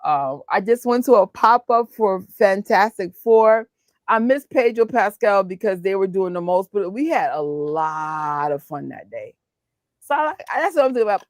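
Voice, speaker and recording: A young woman, chatting casually as a co-host and telling animated stories with frequent laughter. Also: mid-range voice, no echo. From New York. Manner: animated storyteller, laughs often, acts out exchanges. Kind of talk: casual chat.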